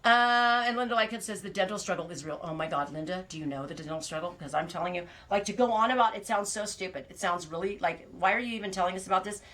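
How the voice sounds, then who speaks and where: Bright-voiced chatty American woman streaming live. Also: on the low side, quick pace, few pauses. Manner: chatty and rambling, greets viewers by name, laughs often. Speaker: livestream host of a knitting and farm channel. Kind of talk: casual live-stream chat.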